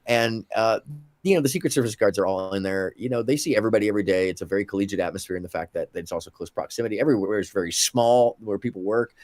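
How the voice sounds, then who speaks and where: A man's voice: lowish voice, very fast, darkish tone, dry recording. A man hosting a casual panel chat, telling a long story with many fillers and restarts. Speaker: show host.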